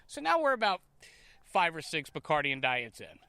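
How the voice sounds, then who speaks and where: A man hosting a podcast, telling a story in a casual, animated way, tripping over and repeating his words. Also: a little high, moderate pace, clean tone, dry recording. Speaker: podcast host.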